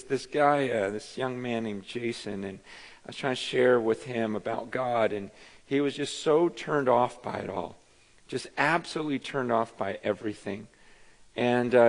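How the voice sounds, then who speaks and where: A middle-aged man pastor preaching a conversational, animated sermon, telling stories with self-deprecating asides. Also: mid-range voice. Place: church sanctuary. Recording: reverberant church hall.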